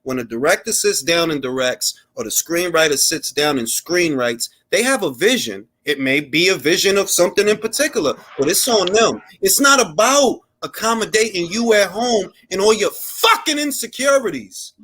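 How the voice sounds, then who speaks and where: A man's voice: sits high, expressive, normal speed, few pauses, a bit bright, husky. A man from the Dominican Republic hosting a casual panel chat, giving blunt, profane opinions and slipping into Spanish phrases. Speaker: host.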